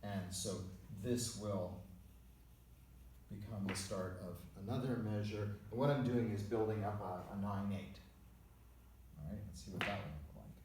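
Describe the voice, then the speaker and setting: A man's voice: lowish voice, a little slow, darkish tone, roomy sound, slight background noise. A man teaching a music theory lesson, explaining step by step and counting beats aloud. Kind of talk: lecture with sung and spoken examples.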